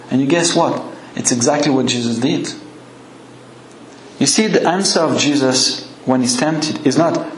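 A man's voice: medium pitch, reverberant, a little hiss or hum, rough recording. A man with a French accent preaching an earnest, emphatic sermon. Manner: earnest, emphatic, slow and deliberate.

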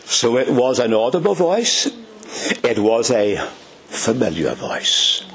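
A male preacher with an Ulster accent delivers a sermon at an unhurried pace. His pitch rises and falls dramatically as he speaks. He sometimes sinks to a hushed whisper to stress a point. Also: big pitch swings, vocal fry, a little hiss or hum. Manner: dramatic, drops to whispers for emphasis; addresses listeners as dear friends.

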